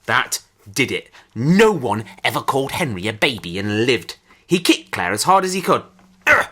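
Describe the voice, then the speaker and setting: Man, storybook reader, bright voice, very animated, dramatic. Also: medium pitch, normal speed. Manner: expressive, dramatic. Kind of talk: children's storybook reading.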